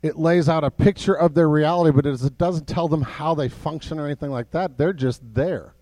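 A man preaching a sermon as pastor, in a conversational way with many fillers and restarts, dropping soft and low for emphasis. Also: a little fast, dry recording.

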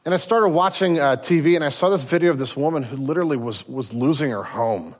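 A middle-aged man preaches with earnest conviction to his congregation. His voice sits a little high, drops to a near hush at solemn points and rises again as he presses a point. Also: fast. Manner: earnest preaching, swinging from hushed to raised. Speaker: pastor. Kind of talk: sermon.

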